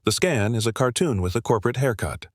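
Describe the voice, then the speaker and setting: A man narrating a scripted first-person story in a steady, wry, literary way. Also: medium pitch, fast talker, dry recording, clean studio sound.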